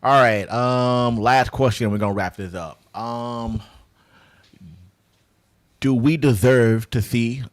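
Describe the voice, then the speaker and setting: A man's voice: mid-range voice, slow pace, long pauses, no room sound. A man hosting a casual wrestling podcast, laid-back and steering the talk with loose fillers. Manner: laid-back, wraps up topics, frequent fillers. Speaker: podcast host. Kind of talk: casual chat.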